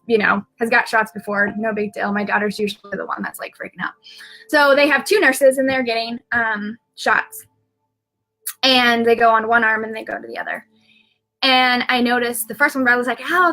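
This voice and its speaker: Woman, intuitive medium, live-video storyteller; tense, fairly high voice, rambling delivery full of ums and restarts. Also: bright, forceful tone. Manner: rambling, restarts often, many fillers.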